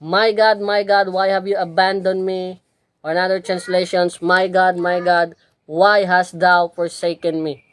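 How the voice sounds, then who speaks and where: A woman's voice: lowish voice, level tone, a little slow, dry recording. A woman with a Filipino Cebuano accent giving a religious lecture, repeating key words and checking in with "okay?" as she goes. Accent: Filipino, Cebuano-speaking. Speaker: religious teacher.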